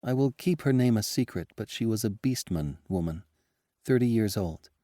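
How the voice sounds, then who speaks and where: Male narrator doing a composed woman doctor, mellow tone, careful delivery. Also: on the low side, lively intonation, moderate pace, dry recording, clean studio sound, natural voice. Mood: explaining. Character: female doctor, adult, earnest and composed.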